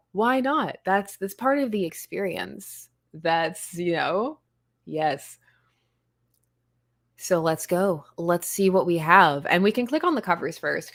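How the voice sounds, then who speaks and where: A woman's voice: lowish voice, no echo, studio quality. A woman hosting a casual comics livestream, chatty and self-deprecating, laughing often. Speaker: comics show host.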